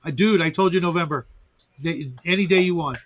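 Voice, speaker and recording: High-voiced rambling middle-aged man. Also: a little fast, lo-fi sound, a little hiss or hum. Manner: rambling, stammering restarts. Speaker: podcast host. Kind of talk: casual chat.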